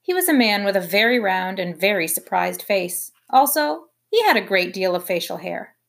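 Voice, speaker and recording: A woman reading a children's novel aloud with lively, expressive narration. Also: medium pitch, normal speed, creaky. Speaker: audiobook reader. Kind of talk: scripted narration.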